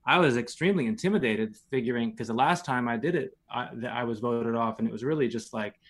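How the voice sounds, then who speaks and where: A man's voice: mid-range voice, fast. A man in his thirties, a guest in casual chat, telling stories in a laid-back, rambling way full of fillers.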